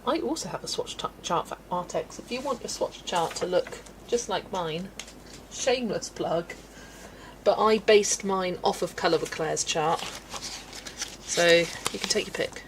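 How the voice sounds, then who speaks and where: A woman's voice: on the low side, a little slow, background noise. A woman from England's West Country, chatting casually and laughing often as she reads out viewer comments while colouring on a livestream. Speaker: livestream host.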